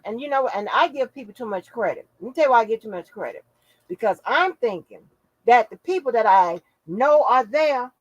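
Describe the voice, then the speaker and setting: A woman's voice: on the high side, no room sound, rough recording. A middle-aged woman hosting her own channel, chatting casually to viewers in a brash, profane, laughing way and calling them baby and honey. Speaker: channel host.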